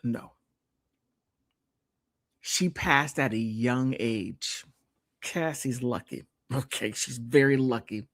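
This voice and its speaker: A woman's voice: extremely low pitch, slow, pauses often. A woman hosting a live stream, chatting casually and reading from an old article, often exclaiming and restarting her sentences.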